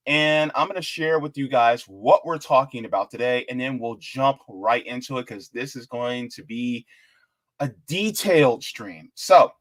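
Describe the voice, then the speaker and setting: A man hosting a live-stream politics show, chatting casually, animated and jokey as he reads out the chat. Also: medium pitch.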